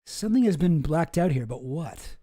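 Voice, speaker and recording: A man's voice: a little high, animated, moderate pace, warm tone, breathy edge. A man hosting a casual online show, thinking aloud in a hesitant, musing way as he reads through documents. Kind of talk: casual commentary while reading documents.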